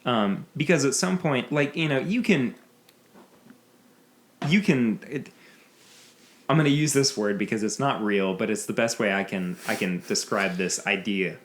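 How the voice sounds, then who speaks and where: A man's voice: lowish voice, measured pace, pauses often. A man hosting a casual bourbon podcast, talking loosely and laughing often. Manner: rambling, laughs often, restarts. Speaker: podcast host. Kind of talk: casual chat.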